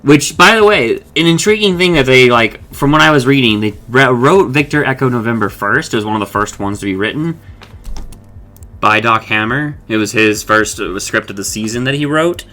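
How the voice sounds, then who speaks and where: A man's voice: medium pitch, animated, moderate pace, pushed and bright. A young man hosting his own channel, giving a casual, rambling episode recap with frequent swearing and self-corrections. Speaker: host of an episode discussion channel.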